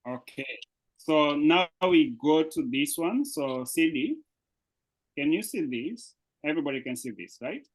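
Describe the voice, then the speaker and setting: A Swahili teacher runs a live online beginners' class over video, explaining patiently and checking often that his students keep up. His voice is fairly high and animated, his pace a little slow, and the recording rough.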